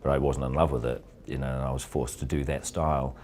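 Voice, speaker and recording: Man, very low voice, relaxed rambling interview talk, frequent restarts. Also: quick pace. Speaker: filmmaker guest. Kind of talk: casual interview answers.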